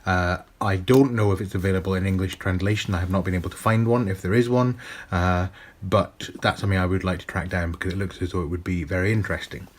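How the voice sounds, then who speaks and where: A man's voice: sits low, steady tone, fast talker, a little hiss or hum. A man giving a casual, chatty review of a tarot deck, with wry asides that poke fun at himself.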